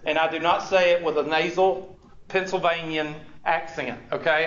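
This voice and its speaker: A man's voice: fairly high pitch, steady tone, moderate pace, a bit bright, far from the mic. A man, a college instructor giving a classroom lecture in a teasing, sarcastic manner full of rhetorical questions. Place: large classroom. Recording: dull, echoey classroom recording from afar.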